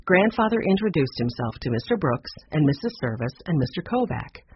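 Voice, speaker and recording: A man narrating a children's chapter book in a lively, expressive reading with a husky voice. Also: a little high, fairly quick, dull audio, slight background noise. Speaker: audiobook narrator.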